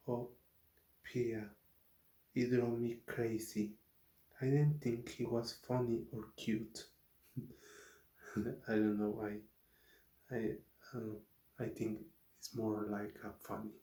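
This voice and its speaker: A man whose first language is Spanish, hosting his channel and reading a novel aloud as an ASMR read, careful and halting, often correcting himself. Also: medium pitch, warm tone, roomy sound.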